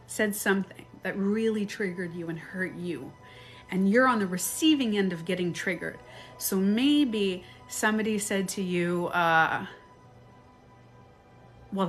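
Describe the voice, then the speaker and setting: A woman gives casual advice on a live stream from home, talking into her phone in a mid-range voice. She is chatty and animated, acts out quoted phrases, and laughs often. Faint music plays in the background. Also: medium pitch. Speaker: life and beauty coach.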